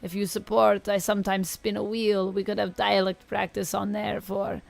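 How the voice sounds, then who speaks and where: A woman's voice: mid-range voice, little pitch movement, normal speed, creaky. A woman streamer chatting casually with her viewers and answering their comments. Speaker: streamer, tarot reader. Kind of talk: casual livestream chat.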